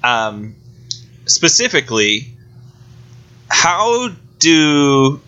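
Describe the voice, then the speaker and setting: A man's voice: medium pitch, pushed and bright, low-quality recording. A man co-hosting a casual film-recap chat, dry and joking, with some stammered restarts. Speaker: podcast co-host.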